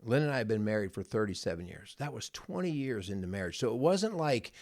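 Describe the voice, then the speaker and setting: With a lowish, slightly mellow voice that swings widely in pitch, this middle-aged man talks fast as he shares a personal story on the podcast he co-hosts. A marriage coach, he's earnest and rambling, repeating words in a relaxed chat captured in clean studio sound without room noise.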